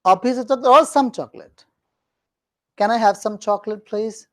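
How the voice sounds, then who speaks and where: A man teaching a grammar lesson in a classroom, animated and joking with his students. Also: sits high, brisk. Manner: animated, joking with students, mixes in Hindi phrases.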